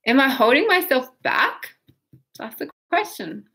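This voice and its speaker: A woman guiding a tapping session, speaking slow soothing affirmations and acting out frustration for listeners to repeat. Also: on the high side, expressive, gravelly, a bit bright. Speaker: tapping coach.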